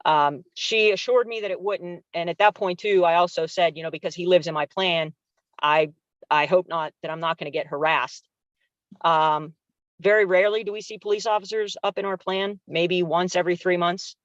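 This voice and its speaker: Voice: mid-range voice, steady tone, normal speed, fairly bright tone, dry recording. Public commenter in their 40s, retired officer, chatty retelling over a dull, dry video-call line. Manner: conversational, acts out quoted dialogue, many fillers. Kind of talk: recounting an incident at a public meeting.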